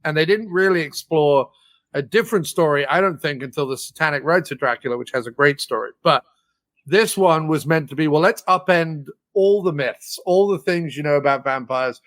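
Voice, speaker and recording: A man's voice: a little high, a bit bright, no room sound. A man talking casually as a podcast guest, thoughtful and enthusiastic, with plenty of fillers. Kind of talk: casual film discussion.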